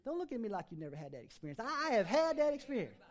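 A man's voice: extremely high pitch, very animated, rapid-fire. A middle-aged man preaching a sermon as pastor, folksy and conversational, with plenty of rhetorical questions.

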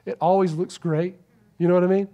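A man with a high, light voice preaching a sermon in a church. He is earnest, pushing some lines out loudly and dropping others to a hush that is almost a whisper. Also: flat delivery, a little fast. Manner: earnest, swings from loud emphasis to hushed near-whisper. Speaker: pastor.

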